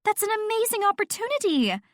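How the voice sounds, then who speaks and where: A woman narrator voicing an excitable, gushing young woman friend who squeals and insists, in an audiobook. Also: fairly high pitch, normal speed, dry recording, studio quality, pitched above the performer's own voice, close to an everyday voice. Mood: excited.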